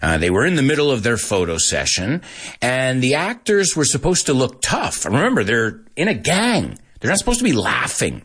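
A man teaching English to Spanish speakers in a casual, animated show, acting out lines and then translating them. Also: medium pitch, normal speed, husky. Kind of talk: bilingual language lesson, casual and animated.

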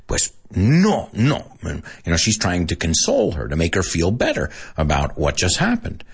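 A husky man in his thirties gives a relaxed English lesson, switching into Spanish now and then to explain words. His voice sits a little low but swings widely in pitch as he acts out the lines. The delivery is chatty and animated. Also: moderate pace, hardly any pauses. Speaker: English teacher. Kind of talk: casual English lesson explaining a film scene.

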